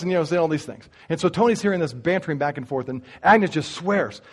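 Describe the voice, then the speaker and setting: Husky-voiced man preaching a sermon. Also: a little high, fast, hardly any pauses. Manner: animated storyteller speaking straight to the congregation. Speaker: pastor. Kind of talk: sermon storytelling.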